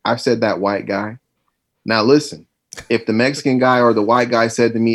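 A man's voice: mid-range voice, brisk, husky. A man co-hosting a casual podcast chat, talking in an emphatic, insistent way and often repeating himself to drive a point home. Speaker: podcast co-host.

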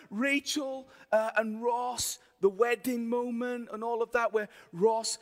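Jokey Yorkshire preacher in a big hall. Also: male voice, extremely high pitch, steady tone, a little slow, few pauses. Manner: chatty, jokey storytelling with the crowd. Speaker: pastor. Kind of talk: sermon. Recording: hall with long reverb.

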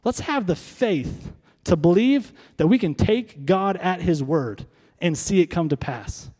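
A fairly high-voiced man preaches in a relaxed, talky way, tossing questions out to his listeners. His voice rings with the long reverb of a large hall. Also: measured pace. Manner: conversational preaching with rhetorical questions to the congregation. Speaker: pastor. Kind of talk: sermon.

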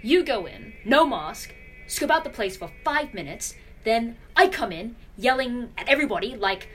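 A man's voice: very high-pitched, lively intonation, moderate pace, bright, forceful tone, faint music behind, exaggerated voice. An actor playing a bossy, pompous male would-be robber who plans a heist like a stage show, in a comedy sketch. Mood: scheming.

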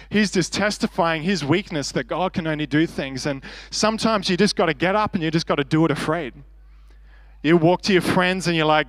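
A man's voice: on the high side, normal speed, no room sound. A man preaching a sermon in an earnest, conversational way, acting out quoted prayers and speech. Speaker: pastor. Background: soft worship band music.

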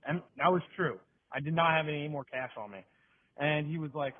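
A man's voice: medium pitch, fairly quick. A man ranting with profanity, casually and comedically, and acting out the people in his stories. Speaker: segment contributor. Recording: tinny phone-like audio.

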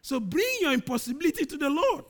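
Preaching a sermon, a middle-aged man reads scripture dramatically, rising to loud, emphatic peaks and sinking to quiet, low drops. He talks fast, with big swings in pitch.

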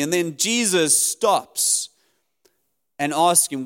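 A man's voice: a little high, animated, slow pace, a bit bright, clean tone. Emphatic preacher man in a reverberant hall. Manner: earnest, emphatic preaching that rises and drops sharply. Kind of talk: sermon.

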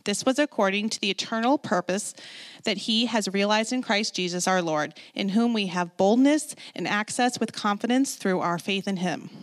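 A woman reading a scripture passage aloud at a church service, measured and growing more intense. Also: mid-range voice. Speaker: scripture reader.

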